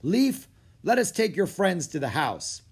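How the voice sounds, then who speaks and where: A man voicing a gruff, burly Viking chieftain in a storybook reading. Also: high voice, big pitch swings, a little slow, pitched above the performer's own voice, heavily acted. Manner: gruff, commanding.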